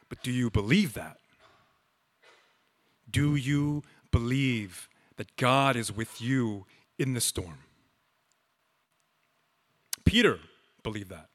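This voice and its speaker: A man preaching a sermon as pastor, slow and emphatic with dramatic pauses. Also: mid-range voice, lively intonation, in a large hall.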